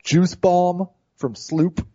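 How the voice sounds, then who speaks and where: A man appearing as a regular guest on a fantasy football podcast, talking quickly and eagerly. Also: high voice, steady tone, warm tone, lo-fi sound. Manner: enthusiastic, quick, talkative. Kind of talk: casual podcast chat. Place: hotel.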